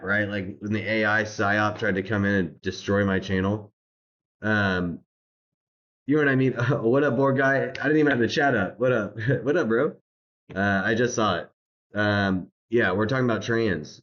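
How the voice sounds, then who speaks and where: A man's voice: lowish voice, dull audio. A man streaming a reaction rant, mocking and laughing as he talks, swearing and repeating himself.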